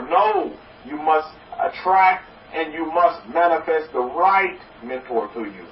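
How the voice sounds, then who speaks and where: A man's voice: sits high, lively intonation, moderate pace, slight background noise. A man preaching as a rabbi, folksy and repetitive, mixing jokes into his sermon. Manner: repetitive, folksy, joke-telling, repeats a blessing refrain. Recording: distant, roomy, dull recording.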